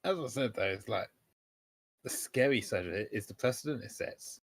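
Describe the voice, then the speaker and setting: Husky, low-voiced man speaking measuredly. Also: lively intonation, no room sound. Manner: measured, thoughtful, hedging with fillers. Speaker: podcast co-host. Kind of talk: casual chat.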